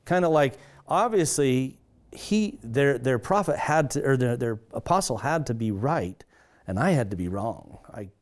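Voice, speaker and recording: A man's voice: medium pitch, animated. A man, a pastor, earnestly recounting his own story, with frequent restarts and livelier tones when quoting others. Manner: earnest, halting, with many restarts. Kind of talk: personal testimony storytelling.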